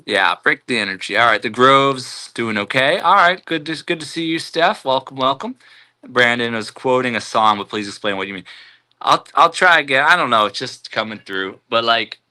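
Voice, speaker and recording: A man with a very bright, ringing voice hosts a casual live stream. He reads comments aloud and drifts into relaxed spiritual musing, chuckling as he goes. His pitch sits in an ordinary middle range. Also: normal speed. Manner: laid-back, spiritual musing, chuckles often.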